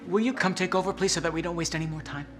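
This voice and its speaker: An actor playing a mocking, condescending boss in a scripted drama. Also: male voice, high voice, quick pace, fairly bright tone.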